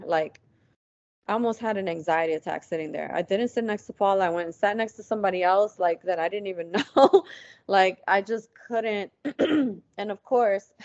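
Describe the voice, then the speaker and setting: A woman's voice: mid-range voice, a little mellow, dry recording. A woman guest on an interview show, telling a personal story casually, acting out past conversations and using lots of "like" fillers. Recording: dull lo-fi, dry sound.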